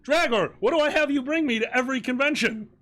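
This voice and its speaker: A man on a charity stream telling a convention story in casual chat, animated and laughing through his story. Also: extremely high pitch, fast talker.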